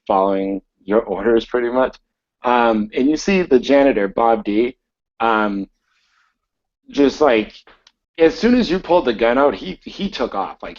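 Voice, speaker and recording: A man running a tabletop game as its game master, narrating loosely with many fillers. His pitch sits in a middle range. He talks over a dull, lo-fi online call. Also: darkish tone. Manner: rambling, filler-heavy narration.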